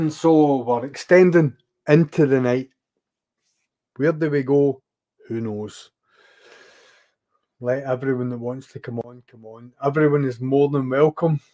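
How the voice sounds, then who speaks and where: Unhurried host on a live stream. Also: male voice, mid-range voice, warm tone. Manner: friendly, narrates setting up the stream, calls people pal. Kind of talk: casual live-stream hosting.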